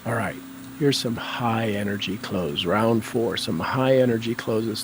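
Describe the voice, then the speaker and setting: A man leading a guided tapping session, calling out tapping points and repeating affirmations with slow, deliberate coaching cues. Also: fairly low pitch, a little hiss or hum, rough recording.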